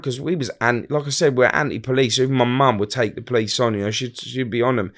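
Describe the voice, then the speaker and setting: A middle-aged male guest with a medium-pitched voice tells a personal story bluntly and haltingly. He often restarts his sentences and acts out what other people said.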